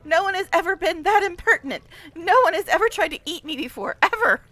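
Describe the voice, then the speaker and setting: A woman's voice: extremely high pitch, expressive, a little fast, sharp tone, pitched above the performer's own voice, full character voice. A woman voicing a whiny, petulant female demon queen in a game, reading her lines with self-pity. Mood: indignant.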